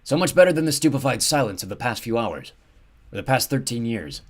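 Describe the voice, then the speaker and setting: A man reading an audiobook, voicing a gentle, weary old man who has lived long in exile and speaks haltingly. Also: medium pitch, very animated, pitched above the performer's own voice. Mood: wry.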